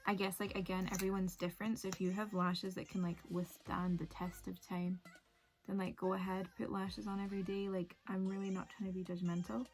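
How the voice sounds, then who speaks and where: A woman's voice: mid-range voice, little pitch movement, fairly quick. Young woman, beauty vlogger, chatty and rambling, faint music behind. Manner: chatty, rambling, lots of "like" fillers. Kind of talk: casual make-up tutorial chat.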